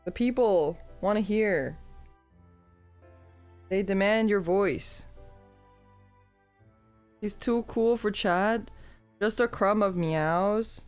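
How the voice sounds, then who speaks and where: A woman's voice: medium pitch, animated, slow pace, long pauses, darkish tone, soft background music. A woman streamer chatting casually and playfully to her viewers and cooing baby talk to her cat.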